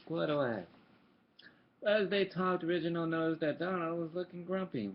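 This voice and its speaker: A man's voice: fairly high pitch, moderate pace. A man reading a bedtime story aloud to children, adding asides to his young listeners, on a dull lo-fi home recording.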